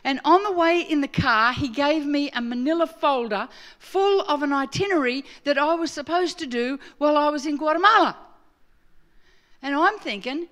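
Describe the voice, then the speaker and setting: A woman's voice: high voice, animated, normal speed, a bit bright. A middle-aged Australian woman preaching a sermon, telling a story and acting out her own quoted lines with animation. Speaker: guest preacher.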